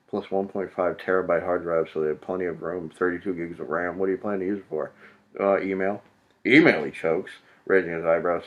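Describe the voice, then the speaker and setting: A man's voice: low voice, highs cut off. A man reading a novel aloud for comedy, breaking off into profane, exasperated, mocking commentary. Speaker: comedic reader.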